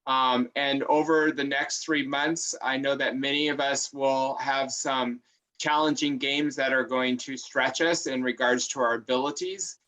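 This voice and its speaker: A man hosting a referee meeting, offering earnest advice with some halting restarts. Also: mid-range voice, bright, forceful tone, low-quality recording. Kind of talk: meeting remarks.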